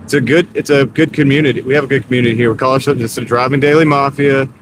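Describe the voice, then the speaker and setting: A man's voice: mid-range voice, fairly even intonation, very fast. Guy chatting with his stream from the car, mid voice, road noise under it. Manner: chatty, greets chat viewers by name. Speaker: streaming gig delivery driver. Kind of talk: casual live-stream chat while driving. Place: inside a moving car. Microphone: wireless clip-on mic.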